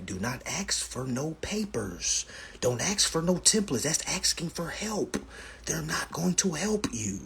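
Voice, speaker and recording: A man's voice: fairly high pitch, a little slow, gravelly, a little hiss or hum. A man hosting a live stream, telling stories and giving advice in a casual, profane manner, often calling his viewers family. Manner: animated, profane storytelling, addresses viewers as family.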